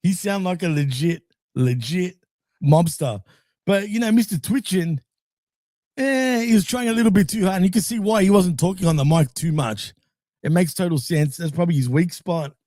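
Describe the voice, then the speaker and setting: A man's voice: sits high, normal speed, a little mellow, no room sound, clean studio sound. A man co-hosting a podcast, chatting casually through a wrestling recap, rambling and laughing often. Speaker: podcast co-host.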